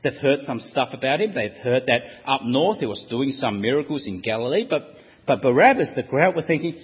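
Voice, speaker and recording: A man's voice: medium pitch, expressive, moderate pace, husky, dull audio. Dramatic male preacher in a reverberant hall. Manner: dramatic storytelling, acting out the crowd's shouts. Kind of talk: sermon.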